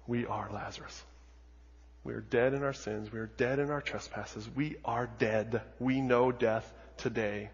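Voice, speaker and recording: A man preaching a sermon as a pastor, telling the story dramatically with lots of repetition and moving between hushed and loud delivery. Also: mid-range voice, steady tone, measured pace, husky. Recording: dull audio with long hall reverb.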